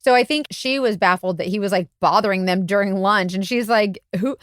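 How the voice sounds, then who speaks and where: A woman's voice: brisk, dry recording, studio quality. A woman, a private investigator co-hosting a podcast, telling a story in casual chat and acting out the quotes with big jumps in voice. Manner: animated, acts out quotes with big pitch jumps.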